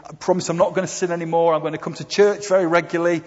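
A man's voice: a little high, flat delivery, a little mellow, lightly acted. A man voicing a panicked man hanging from a cliff, bargaining in a rush. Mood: pleading. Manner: frantic, rushed bargaining. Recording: dull, echoey hall recording.

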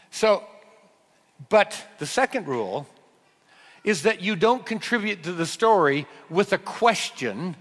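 A man preaching a sermon in an animated, emphatic way, slowing down to stress key phrases. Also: high voice. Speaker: pastor. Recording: reverberant hall.

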